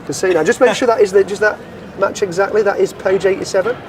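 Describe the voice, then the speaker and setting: Joking street magician, slightly high voice. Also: male voice, crowd noise. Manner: joking, chatty, quick asides to onlookers. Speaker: street magician and show host. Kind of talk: comic magic patter with spectators. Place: city streets, outdoors.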